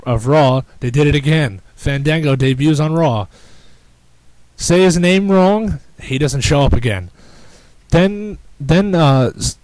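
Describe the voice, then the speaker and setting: A man hosting a podcast in casual chat, rambling and excitable with frequent restarts. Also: a little high, dry recording, rough recording. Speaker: podcast host.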